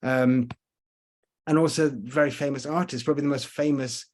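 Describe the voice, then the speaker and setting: A man's voice: mid-range voice, fairly even intonation, a little mellow. Chatty man giving a virtual tour. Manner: chatty, rambling, frequent pauses to think. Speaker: tour guide. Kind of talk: virtual tour talk over slides.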